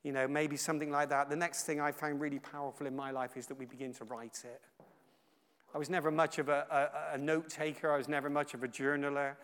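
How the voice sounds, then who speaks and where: A guest preacher with a somewhat high voice delivers a sermon with emphatic, repeated phrases. He swings from loud declarations to soft, hushed lines. His voice rings with a long reverb from a large hall. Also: level tone, fast, clear, resonant tone.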